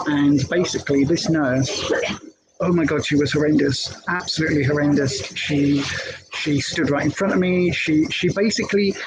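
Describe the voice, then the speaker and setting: A middle-aged woman, casually telling a candid story live from her hospital bed, halting often with fillers and restarts. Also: low voice, noisy background. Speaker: health vlogger.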